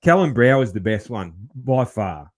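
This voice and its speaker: A man's voice: medium pitch, big pitch swings, normal speed. A man hosting a casual podcast, easygoing and full of fillers like man and mate. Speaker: podcast host.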